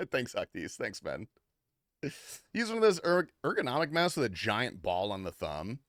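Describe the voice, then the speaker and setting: Male streamer, casual and foul-mouthed, with animated pitch and a dry, deadened sound. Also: unhurried, no room sound. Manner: crude, swears freely, rambling and offhand. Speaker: game streamer. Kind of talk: casual livestream chat.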